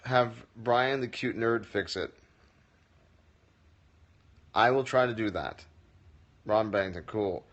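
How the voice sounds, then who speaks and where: A man's voice: fairly low pitch, slow pace, long pauses, fairly bright tone, highs cut off. A man running a casual livestream Q&A as a comedy teacher, reading viewers' comments aloud and answering them with dry jokes. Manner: wry, joking, reads comments aloud and answers. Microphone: phone livestream.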